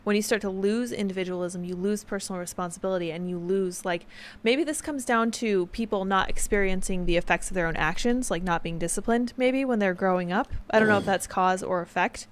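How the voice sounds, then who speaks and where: A woman co-hosting a casual panel discussion, thinking aloud and hedging her points. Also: medium pitch. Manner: quick, thinking aloud with hedges. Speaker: co-host.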